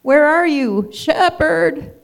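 A storyteller voicing a dreamy young female sheep who wanders off, crying out in high bleats. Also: expressive, very slow, gravelly, sharp tone, full character voice. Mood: frightened. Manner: high bleating cries for help.

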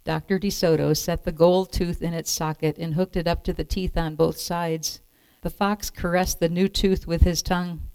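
A woman reads a picture book aloud, clear and measured. Her voice sits a little low, and the sound is dry and close. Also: steady tone, darkish tone, no echo. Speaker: storyteller.

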